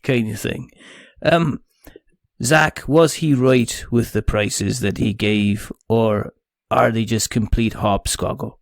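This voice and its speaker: A man hosts a podcast in a low, teasing voice, rambling from joke to joke and laughing often. The sound is close and dry, with no room around it. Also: steady tone, slow, creaky, no room sound. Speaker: podcast host. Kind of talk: jokey podcast interview.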